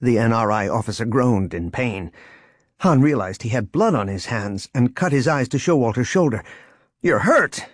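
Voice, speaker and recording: A man narrating an audiobook in an expressive reading voice. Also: mid-range voice, normal speed, no room sound, clean studio sound.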